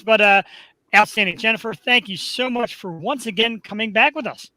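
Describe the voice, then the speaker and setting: A high, very bright-voiced man with a Philadelphia accent hosts a casual live webcast. He talks in an upbeat, rambling way and pokes fun at himself. The sound is dry and close to the mic. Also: moderate pace, no echo, low-quality recording. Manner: upbeat, rambling, self-deprecating. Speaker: podcast host.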